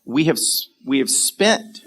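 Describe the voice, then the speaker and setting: Bright-voiced man telling a sermon story. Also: mid-range voice, measured pace. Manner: animated storyteller, acts out characters, laughs often. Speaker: pastor. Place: church sanctuary.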